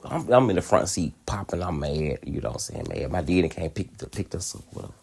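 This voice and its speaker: A man's voice: low-pitched, fairly quick, vocal fry, hardly any pauses, darkish tone, slightly rough. A man hosting a podcast, telling a personal story in a candid, profane way and laughing often. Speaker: podcast host.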